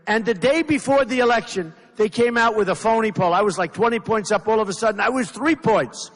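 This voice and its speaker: Brief: male political candidate at a rally, raised pitch, repeats himself emphatically, long hall reverb. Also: brisk, a bit bright. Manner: rambling, repetitive, emphatic. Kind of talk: campaign rally speech. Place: large rally venue.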